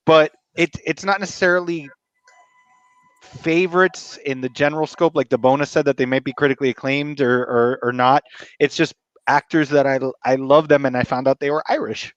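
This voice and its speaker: A man's voice: fairly high pitch, no room sound. Wisecracking co-host man, slightly dull sound. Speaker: podcast co-host. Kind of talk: casual podcast banter.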